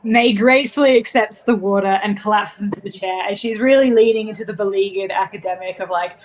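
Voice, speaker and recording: A woman at a tabletop game talking casually about her rolls and her character. Her voice is mid-pitched and chatty. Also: fairly quick, hardly any pauses, low-quality recording. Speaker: player.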